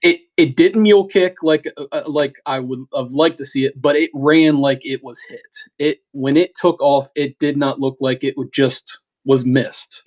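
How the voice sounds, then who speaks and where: A middle-aged man telling a story in a casual, animated way, halting with restarts and acting out what was said. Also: medium pitch. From eastern United States. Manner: animated, halting with restarts, acts out quoted talk. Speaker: podcast co-host telling a hunting story.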